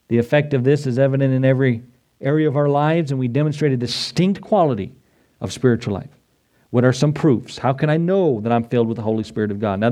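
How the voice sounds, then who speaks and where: A man preaching a sermon to his congregation, conversational and then rising to excited emphasis. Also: a little high. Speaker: pastor.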